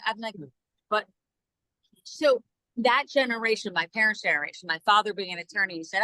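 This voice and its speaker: A woman's voice: medium pitch, a little fast, no echo, rough recording. A woman in her forties telling family stories as a podcast guest, acting out the quotes as she goes. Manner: animated storyteller, acts out quotes. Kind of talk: casual podcast chat.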